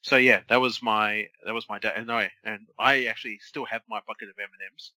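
A man in his thirties co-hosts a casual podcast, throwing out teasing, crude jokes. His voice is very bright and sharp. It is recorded close and dry. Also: lowish voice, steady tone, fairly quick, no room sound, low-quality recording. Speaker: podcast co-host. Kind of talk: casual chat.

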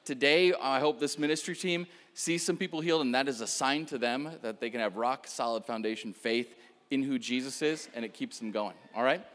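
A man's voice: mid-range voice, fairly quick, fairly bright tone, big-room sound. A man preaching a sermon, telling a personal story in a casual way with many fillers and laughs.

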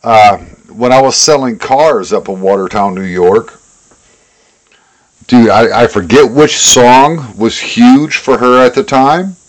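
A man co-hosting a podcast, talking bluntly and profanely in casual chat with frequent tangents. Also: on the low side. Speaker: podcast co-host.

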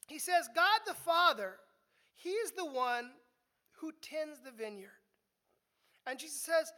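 A woman delivers a verse-by-verse sermon, talking to the congregation as if chatting with them. Her voice sits high and has a bright, forward edge. She often stumbles into repeated words as she restarts a thought. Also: animated, slow pace, pauses often. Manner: conversational teaching, repeats words when restarting. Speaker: preacher. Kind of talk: expository sermon.

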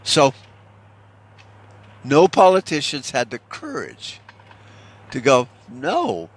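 A man's voice: medium pitch, animated, slow pace. Blunt, profane middle-aged man ranting. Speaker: vlogger. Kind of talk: casual opinion monologue.

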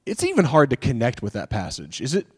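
A man's voice: medium pitch, huge pitch swings, fast talker, a little mellow, husky. A man preaching a sermon in an earnest, conversational way, often asking rhetorical questions and restarting his phrases. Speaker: pastor.

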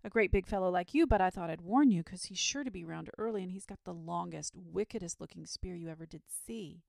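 A woman reading a storybook aloud, voicing an excitable young boy who talks in a breathless, urgent rush. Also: lowish voice, fairly quick, gravelly, dry recording, clean studio sound. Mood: eager. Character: eager excitable young boy, dragon's friend.

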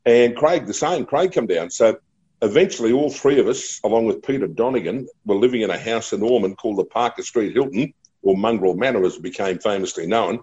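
A middle-aged Australian radio broadcaster tells casual, chatty stories and laughs readily. His low voice has a husky, mellow grain and lively intonation, moving a little fast, though the recording sounds dull and lo-fi.

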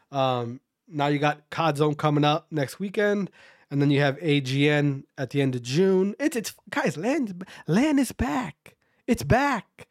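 A man ranting to his viewers about amateur esports players in a profane, fired-up way, then calmly going over the latest news. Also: on the high side, no echo, studio quality. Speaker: esports commentary streamer. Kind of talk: casual rant and news rundown.

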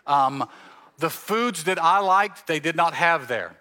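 A pastor from the Mississippi Gulf Coast preaching a sermon, telling stories and acting out the dialogue in them. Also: male voice, a little high, animated, slow, pushed and bright. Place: church sanctuary.

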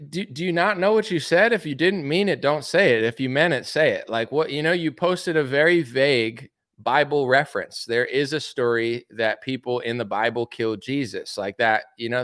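A man's voice: mid-range voice, fairly bright tone, dry recording, studio quality. A man hosting a casual opinion commentary, talking bluntly and asking one rhetorical question after another. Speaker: commentary show host.

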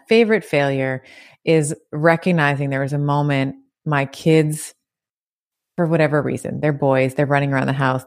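A chatty middle-aged woman speaks as a podcast guest, her voice sitting very low for a woman. She talks in a lively, animated way, laughs often and restarts her sentences. The sound is close and dry, with no room around it. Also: no room sound. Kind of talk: casual interview chat.

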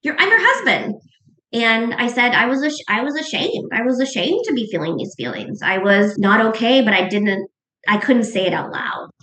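A middle-aged woman talks openly and earnestly, often restarting her sentences. Her voice sits fairly high. The room around her rings with a clear echo. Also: expressive, fairly bright tone. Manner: earnest and emotional, quick restarts. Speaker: guest author. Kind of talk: personal story in a podcast interview. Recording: echoey room.

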